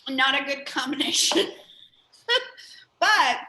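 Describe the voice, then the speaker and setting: A woman's voice: high voice, takes it slowly, pushed and bright. A woman host in a casual interview, telling a story in a chatty way. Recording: roomy echo.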